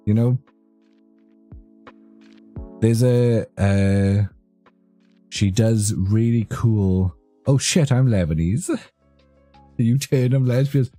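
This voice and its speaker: Deep-voiced man rambling on stream. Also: slow, long pauses, dark tone, no echo. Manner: rambling, joking, easily amused. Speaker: streamer chatting with live chat. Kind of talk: casual live-stream chat. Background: faint background music.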